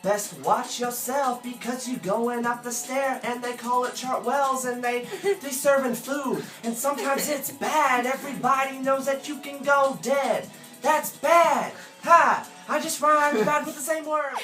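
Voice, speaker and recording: A young man raps a goofy, boastful freestyle in rhyme. He sounds far from the mic in an echoey room, with music clearly playing behind him. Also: very high-pitched, steady tone, unhurried, sharp tone. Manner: boastful, jokey rhyming. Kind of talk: joking freestyle rap.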